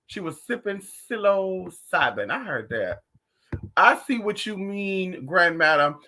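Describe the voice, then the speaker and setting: A livestream host telling gossipy stories in a profane, animated way, talking straight to the viewers. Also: mid-range voice, slow pace. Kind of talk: casual livestream chat.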